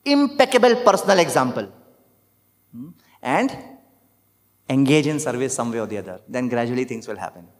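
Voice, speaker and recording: A man's voice: medium pitch, sing-song, moderate pace, pauses often. Indian man preaching in a reverberant hall. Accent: Indian English. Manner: emphatic, asks the audience rhetorical questions. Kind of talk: scripture class sermon. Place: temple hall.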